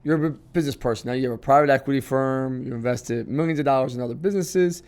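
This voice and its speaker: A man hosting a podcast interview, speaking at a mid-range pitch. He sums up his guest's career plainly and then asks direct questions. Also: fast, darkish tone. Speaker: podcast host.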